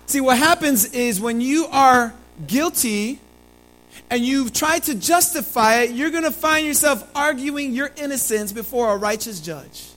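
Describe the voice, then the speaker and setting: A preacher giving a sermon told in first person as a biblical prophet, with dramatic storytelling that swings from loud emphasis to hushed, low delivery. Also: animated, unhurried, rough recording.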